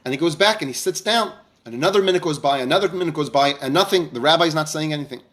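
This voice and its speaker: A man's voice: a little high, fast. A man giving a Torah lesson, telling a story with the dialogue acted out and often restarting his sentences. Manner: animated storyteller, acts out dialogue, frequent restarts. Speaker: rabbi teacher.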